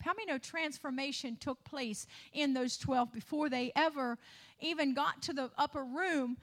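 A woman's voice: high-pitched, normal speed, fairly bright tone. A woman preacher delivering a sermon. She calls out "hallelujah" and asks the congregation rhetorical questions.

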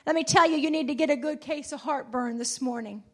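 A woman preaches a sermon in a high, bright voice. She throws her words out to the congregation with fervor, then drops to a near hush before rising again. Her delivery is full of passion. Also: fairly quick. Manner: impassioned, swinging between loud and hushed; calls out to the congregation.

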